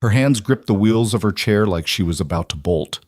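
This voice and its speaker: A man narrating a scripted fiction story with a steady, even delivery. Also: fairly low pitch, a little fast, no room sound, studio quality.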